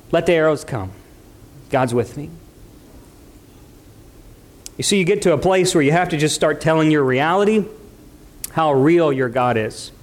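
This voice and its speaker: High-voiced impassioned male preacher. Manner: impassioned, swings between quiet lows and rising emphatic peaks; conversational asides. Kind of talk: sermon.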